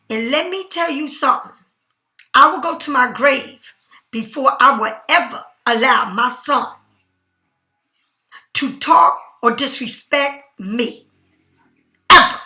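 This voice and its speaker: Middle-aged lady tarot reader going off at viewers, blunt and scolding, high voice, roomy echo. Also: pushed and bright. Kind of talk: spontaneous monologue to viewers.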